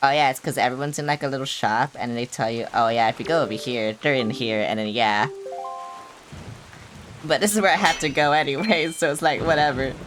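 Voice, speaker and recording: A woman's voice: rumbling low, fairly quick, noisy background. A woman streaming a video game, chattering in a hyper, rambling way and swearing playfully. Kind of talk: casual gaming livestream chatter.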